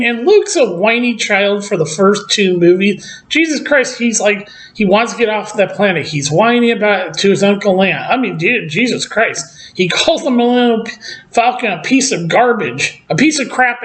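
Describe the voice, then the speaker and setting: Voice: medium pitch, fairly bright tone, low-quality recording. Profane, exasperated film ranter. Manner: mocks characters with quick put-on quotes. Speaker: film commentator. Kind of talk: casual opinion rant.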